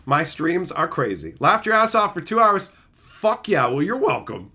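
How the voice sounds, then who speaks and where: A man hosting a live stream, chatting excitedly and profanely with his viewers and acting out friends in loud voices. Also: on the high side, normal speed, husky. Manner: profane, excitable, rants about cards.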